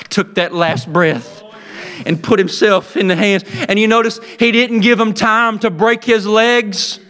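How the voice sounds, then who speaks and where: High, bright-voiced fervent preacher man. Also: fairly even intonation, slow pace. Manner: fervent, repetitive restarts, rising to shouts. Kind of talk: impassioned sermon.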